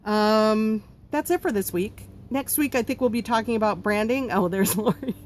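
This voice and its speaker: A woman's voice: a little high, moderate pace, slight background noise. A woman hosting a live stream about running a home baking business, answering viewer comments in a blunt, chatty way with lots of ums. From not from Pennsylvania.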